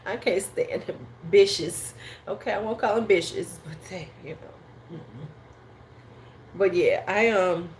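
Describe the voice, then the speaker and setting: A woman hosting a casual livestream chat at home, rambling and slangy. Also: a little high. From United States. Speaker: host.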